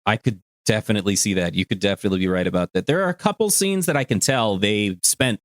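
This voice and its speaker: Animated, lively male podcast host. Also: fairly low pitch, fast talker, no room sound, clean studio sound. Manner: animated, swears casually, slips into jokey character voices when retelling scenes. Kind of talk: casual podcast chat.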